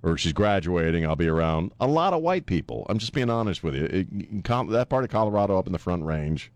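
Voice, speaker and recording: A man's voice: deep voice, big pitch swings, a little fast, no echo. A middle-aged man hosting a talk radio show, rambling and joking in casual banter. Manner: rambling, joking, laughs often.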